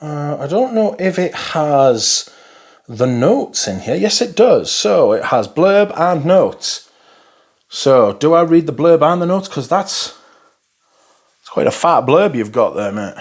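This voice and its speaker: A man reviews fragrances in a loose, rambling chat, swearing casually and calling the audience his friends. His voice is a little husky, and his pitch swings about with lively ups and downs. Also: takes it slowly. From Newcastle, England. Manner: chatty and rambling, swears freely, addresses viewers as friends.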